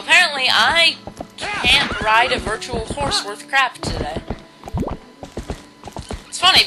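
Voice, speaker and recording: A woman hosting a casual video game playthrough, chatty and self-mocking, now and then bursting into loud shouts. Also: mid-range voice, rough recording. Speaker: let's play host. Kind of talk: casual gameplay commentary. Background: video game music.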